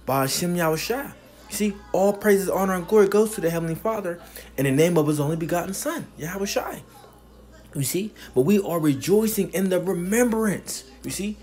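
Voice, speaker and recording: A man preaching a sermon, reading scripture verses slowly and then explaining them, asking "you see?" again and again. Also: high voice, a little mellow. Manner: emphatic, punctuates with "you see?".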